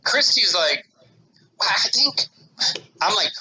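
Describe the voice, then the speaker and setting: A man co-hosting a casual podcast talks in a bright, sharp, somewhat high voice that swings widely in pitch. He rambles through his story with restarts and fillers. He bursts into loud reenactments of his own panicked words. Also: normal speed, slight background noise, poor audio. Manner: animated, acts out his own panicked quotes loudly. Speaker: podcast co-host.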